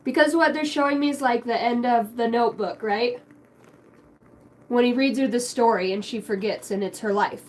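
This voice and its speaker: A woman's voice: a little high, moderate pace, slight background noise, rough recording. A young woman giving a spiritual card reading, emotional and rambling, swearing casually. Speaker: tarot card reader.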